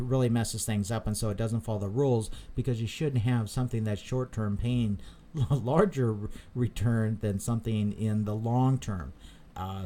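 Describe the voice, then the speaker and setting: This time the crypto host's voice sits lowish and warm, again with slight hiss or hum. Reading viewer comments during his live stream, he talks casually and wanders, leaning on fillers and repeating himself.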